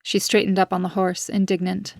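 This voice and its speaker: A woman author reading her own gothic story in an even, measured narration. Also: mid-range voice, vocal fry, no echo, clean studio sound. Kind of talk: scripted audiobook narration.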